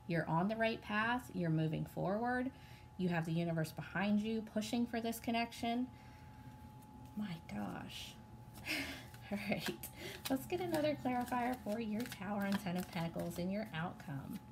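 Excited, foul-mouthed woman reading tarot. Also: medium pitch, moderate pace, background noise. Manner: excited, blunt, swears freely. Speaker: tarot reader. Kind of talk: casual tarot reading to camera.

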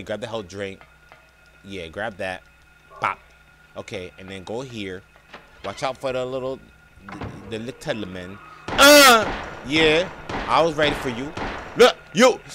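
A young man giving let's play commentary, excitable, talking to viewers as "y'all" and yelping and laughing at scares. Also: fairly low pitch, slight background noise. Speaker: gaming streamer.

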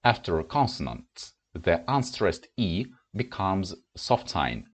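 A man with a Russian accent who speaks Russian natively, teaching a grammar lesson in English and clearly pronouncing example words. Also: low voice, very animated, slow.

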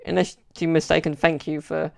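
A man's voice: a little high, flat delivery, moderate pace, gravelly. A young man telling stories in a casual solo podcast, rambling and chatty with lots of "like" and "you know". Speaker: podcast host.

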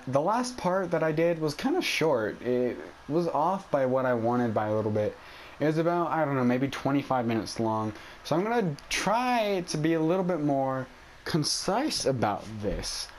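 A man's voice: medium pitch, slight background noise. A man giving casual, self-mocking commentary while playing a video game, yelping in panic when things go wrong. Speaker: gaming YouTuber. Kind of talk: casual let's play commentary.

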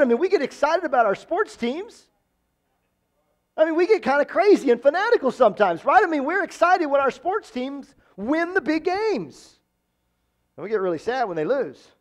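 A man with a strikingly high voice preaches a sermon as pastor. He talks emphatically, circling back to the same phrases to drive each point home. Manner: emphatic, repeats phrases for stress. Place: church.

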